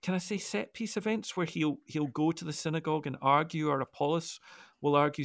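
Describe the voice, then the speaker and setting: A man's voice: a little high, fairly even intonation, brisk, fairly bright tone, no room sound, studio quality. A man, co-hosting a Bible discussion and explaining his thinking at length, often restarting his sentences. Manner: thoughtful, explanatory, with frequent restarts. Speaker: co-host of a Bible discussion podcast. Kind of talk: casual discussion.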